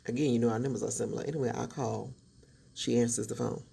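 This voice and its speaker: A woman's voice: extremely low pitch, fairly even intonation, quick pace, creaky, mellow, slight background noise. A woman telling a true story in a dramatic, sassy storytime style, acting out each voice. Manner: dramatic, sassy, acts out every voice. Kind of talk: animated storytime.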